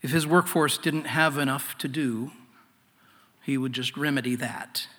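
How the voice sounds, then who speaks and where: A man's voice: mid-range voice, a little slow. Man preaching in a reverberant hall. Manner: earnest, swings from loud to hushed. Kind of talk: sermon.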